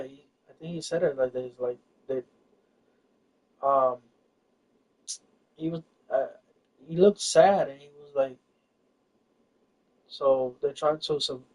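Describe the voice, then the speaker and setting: Chatting casually, a man rambles through a personal story, hesitant and full of fillers and restarts. His medium-pitched voice is slightly mellow with a breathy edge, captured on a distant, dull, lo-fi recording.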